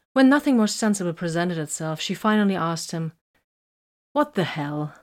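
A woman narrating a story in an even, measured reading. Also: fairly low pitch. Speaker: audiobook narrator. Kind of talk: scripted narration.

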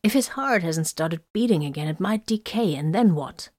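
Woman reading as inquisitive male medic, low voice, gentle but pushy questions. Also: expressive, moderate pace, no echo, studio quality. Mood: probing. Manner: soft-spoken yet pressing questions. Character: probing, insistent male visiting medic.

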